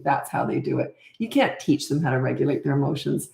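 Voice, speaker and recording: A woman's voice: low voice, expressive, brisk, creaky, few pauses, darkish tone, roomy sound. An older woman and parenting coach from Canada, chatting casually and bluntly in a live Q&A, laughing often and losing her thread.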